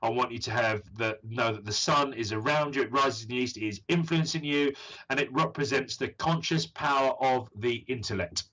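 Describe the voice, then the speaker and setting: This is a British man in his thirties, from the United Kingdom, working as a psychic medium on a live stream reading. His mid-range voice has a sharp tone and moderate pace, and he's encouraging yet rambling, full of fillers, with dull lo-fi sound quality.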